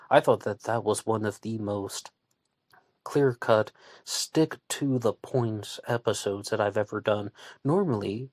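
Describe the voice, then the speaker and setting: A man with a fairly low voice hosts his show in a relaxed monologue. He meets critics with dry sarcasm. The sound is close and dead, with no room in it. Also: dry recording. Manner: conversational, with sarcastic asides. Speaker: online radio show host. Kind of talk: casual monologue.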